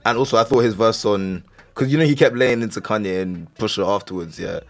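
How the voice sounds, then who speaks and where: A man's voice: fairly low pitch, fairly quick. A man co-hosting a casual chat, laid-back and slangy, often repeating his phrases.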